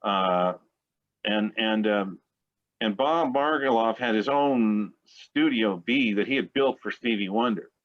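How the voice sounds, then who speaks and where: A man of about sixty with a fairly low voice spins rambling, chatty stories as an interview guest. His voice comes through a dull, lo-fi recording. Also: takes it slowly. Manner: rambling, chatty anecdote-teller. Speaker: guest musician. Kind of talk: casual storytelling interview. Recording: dull lo-fi sound.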